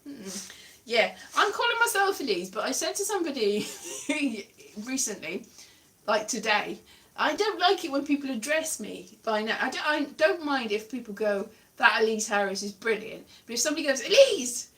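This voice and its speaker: Bright, lively young woman chatting. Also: sits high, moderate pace, distant mic. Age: 20s. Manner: chatty, self-mocking, laughs often. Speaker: livestream host. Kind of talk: casual livestream chat.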